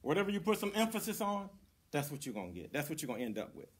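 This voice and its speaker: A man serving as imam, giving a Friday sermon in a mosque, emphatic and repetitive, rising for stress and then dropping low. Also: sing-song, very fast, breathy edge.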